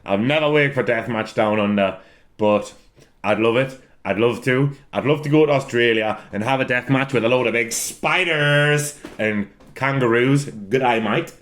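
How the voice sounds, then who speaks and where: Guy chatting solo, giggles a lot, loud laughing fits, swears, repeats himself for laughs. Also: mid-range voice, moderate pace. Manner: rambling, repeats words for comic effect. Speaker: wrestler answering fan questions. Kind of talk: solo casual chat.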